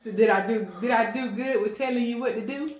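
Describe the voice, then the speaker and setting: A woman's voice: on the high side, slight background noise. A woman hosting a casual eating show, playful and laughing. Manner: playful, laughing, drawn-out mmm sounds while eating. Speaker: mukbang host. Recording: echoey room.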